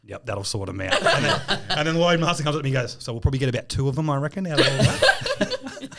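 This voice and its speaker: An Australian man in casual podcast chat, an animated storyteller who laughs and swears. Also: medium pitch, very fast, gravelly, heavy background noise. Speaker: podcast co-host.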